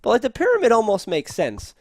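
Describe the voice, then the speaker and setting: A man co-hosting a casual trailer review, asking drawn-out incredulous questions. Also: high voice, wildly swooping pitch, dry recording, clean studio sound. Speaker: co-host.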